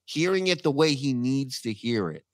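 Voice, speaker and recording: A man's voice: medium pitch, very animated, normal speed, no room sound, clean studio sound. A man co-hosting a comedy talk show, mocking and sarcastic, with theatrical complaints. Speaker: podcast co-host. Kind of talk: casual comedy chat.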